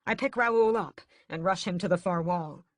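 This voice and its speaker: A woman narrating a dramatic first-person audiobook in a steady storytelling manner. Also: lowish voice, moderate pace, no room sound, studio quality.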